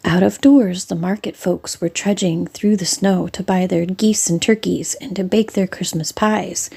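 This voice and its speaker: A woman narrates a classic storybook in a soft, half-whispered voice. Her tone is mellow and relaxed. There is a breathy softness to every line. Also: mid-range voice. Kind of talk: storybook reading.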